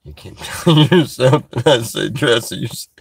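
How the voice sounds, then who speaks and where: A man's voice: medium pitch, lively intonation, creaky, breathy edge. A man talks loosely to his live chat, stopping and restarting his sentences with plenty of "uh" and "um". He chuckles now and then as he reads comments aloud. The sound is dry and close, with no room echo. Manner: halting, many restarts and fillers; chuckles while reading comments. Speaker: livestreamer reading chat.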